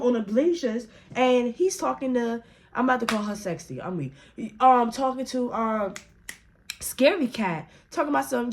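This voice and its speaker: A young woman, retelling a story in a casual, animated, profane and slangy way, acting out other people's lines. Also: a little high.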